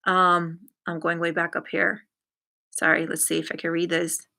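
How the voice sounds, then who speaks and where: A middle-aged woman talks straight to her live-stream audience in a candid, animated way. Her tone is bright and forceful, and she tells her story with quick asides to the viewers. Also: lowish voice, gravelly.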